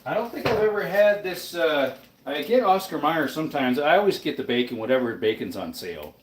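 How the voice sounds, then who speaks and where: A man's voice: fairly high pitch, expressive, a little fast, a little hiss or hum. A man chatting casually on a live stream while he cooks, sleepy and rambling as he talks to his viewers. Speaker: live streamer cooking breakfast. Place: home kitchen, indoors. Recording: roomy kitchen, mic off at a distance.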